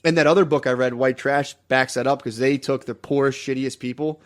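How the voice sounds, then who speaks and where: A man's voice: medium pitch, steady tone, brisk. A man co-hosting a podcast, telling a story in a loose, rambling way with lots of fillers and restarts. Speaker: podcast co-host. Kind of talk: casual podcast chat.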